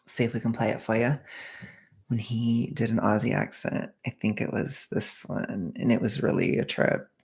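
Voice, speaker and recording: Brief: rambling woman streamer, gravelly fry in her voice, chatty with whispered ASMR bits. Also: extremely low pitch, fairly even intonation, moderate pace, darkish tone. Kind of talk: casual chat with ASMR whispering.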